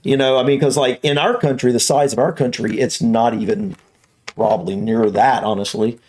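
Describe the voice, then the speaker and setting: A man with a mild Southern US accent, chatting casually on a reaction video, rambling and repeating words as he thinks aloud, a bit hoarse. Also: medium pitch, fairly even intonation, normal speed, a little mellow. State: slightly hoarse.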